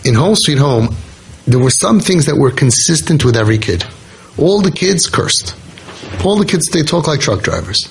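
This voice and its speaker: A man's voice: on the high side, very animated, normal speed, gravelly, slight background noise, poor audio. A man hosting a parenting podcast, telling a true story in an earnest, casual way and repeating key points for emphasis.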